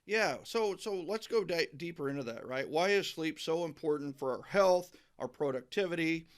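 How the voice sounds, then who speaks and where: A man's voice: on the high side, lively intonation, moderate pace. Emphatic man hosting a podcast. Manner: emphatic, repeats words when starting sentences. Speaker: podcast host. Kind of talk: enthusiastic interview chat.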